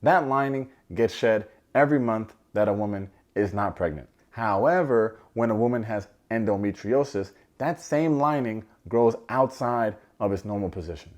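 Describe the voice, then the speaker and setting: A man's voice: on the low side, moderate pace, few pauses, a little mellow. Joking, sarcastic man recapping a show. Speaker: TV recap reviewer. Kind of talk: casual comedic recap.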